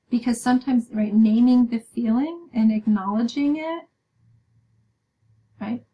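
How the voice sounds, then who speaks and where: A woman's voice: on the high side, normal speed, warm tone, rough recording. A woman giving a recorded lecture, explaining step by step with many "um"s and "right?" checks. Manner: explaining with frequent "um" and "right?" tag questions.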